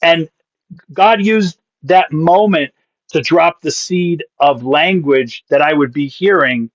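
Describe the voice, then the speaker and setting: A man from Massachusetts, a pastor and comedian, telling a story as a podcast guest with punchy comic delivery and quick asides. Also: a little high, dry recording. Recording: dull, dry sound.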